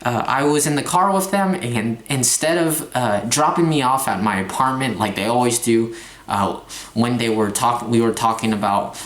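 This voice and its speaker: A young man vents to camera in a mid-pitched voice. He stumbles through restarts and swears as he airs his grievances. The sound is a phone recording in a roomy, echoing space. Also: moderate pace, a bit bright. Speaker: vlogger. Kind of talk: confessional rant to camera.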